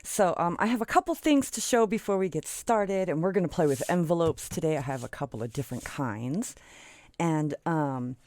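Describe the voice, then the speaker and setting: A woman vlogger chatting casually and excitedly while showing off her craft supplies, with plenty of fillers and little squeals of delight. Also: deep voice, normal speed, no echo. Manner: bubbly, excitable, lots of fillers. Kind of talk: casual show-and-tell chat.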